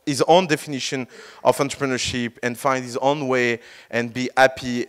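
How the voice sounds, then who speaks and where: A man with a French accent speaks English as a second language, coaching founders in a forceful talk. His voice sits a little high, and he drives each point home with rhetorical questions. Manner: emphatic, rhetorical questions, non-native grammar. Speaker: startup mentor. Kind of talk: motivational talk.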